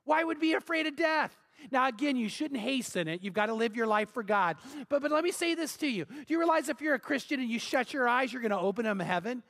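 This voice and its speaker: A middle-aged man preaches a sermon in a raised, higher-than-usual voice. He leans hard into his points, stacking up repeated phrases as he builds. His delivery is earnest and emphatic throughout. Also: animated, quick pace, a bit bright. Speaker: pastor.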